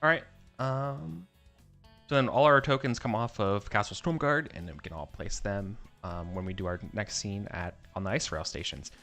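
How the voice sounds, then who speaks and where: A man playing a tabletop role-playing game, chatting excitably, restarting sentences and rambling as he sets up his scene. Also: fairly low pitch, moderate pace, soft background music. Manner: excitable, self-interrupting, rambling. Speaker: player. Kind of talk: casual tabletop role-play.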